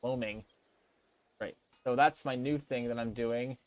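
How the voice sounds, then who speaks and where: A man's voice: medium pitch, steady tone, a little slow, no echo. A male gamer reading game text aloud and thinking aloud in casual gameplay commentary. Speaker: let's play gamer.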